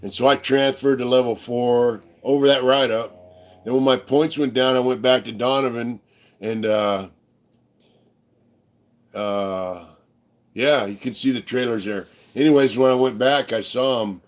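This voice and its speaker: A man's voice: mid-range voice, fairly even intonation, measured pace. A middle-aged man telling rambling, profane stories in casual chat as a livestream co-host. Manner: laid-back, profane, rambling with fillers.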